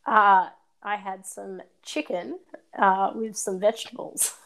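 A woman's voice: medium pitch, steady tone, takes it slowly, gravelly, a bit bright. A woman guest in a playful casual chat, giggly and rambling, often repeating her words.

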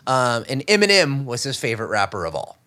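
A young man presents his research on a casual podcast, his pitch swinging widely as he talks. He rambles and pokes fun at himself. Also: a little fast. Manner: rambling, self-deprecating, animated.

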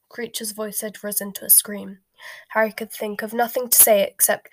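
A woman narrating a storybook in a soft, hushed whispered role-play reading. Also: mid-range voice, flat delivery, moderate pace, no room sound.

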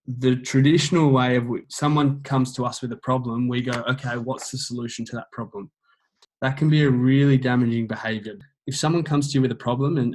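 A man's voice: mid-range voice, darkish tone, low-quality recording. A man, speaking earnestly as a guest about men opening up, often repeating phrases as he explains. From Australia. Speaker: guest on men's mental health. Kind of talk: casual conversational interview.

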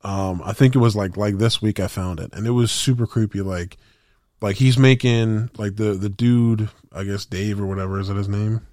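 A podcast co-host chats casually, rambling and using slang, with plenty of fillers and restarts. His fairly low, slightly mellow voice keeps a steady tone at a moderate pace. The recording is dry and of studio quality.

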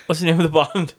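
A man with a North East English accent, co-hosting a podcast in casual banter, swearing freely and joking around. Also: mid-range voice. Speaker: podcast co-host.

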